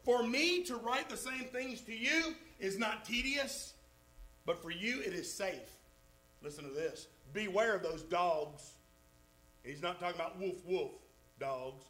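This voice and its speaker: A man's voice: high-pitched, sharp tone, low-quality recording. A man preaching a sermon to a congregation, leaning hard on key words. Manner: emphatic, drawn-out stresses on key words.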